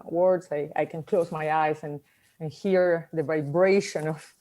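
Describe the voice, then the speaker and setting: A woman who speaks English as a second language, giving a motivational talk in a reflective, storytelling manner with pauses. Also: low voice, warm tone. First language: not English.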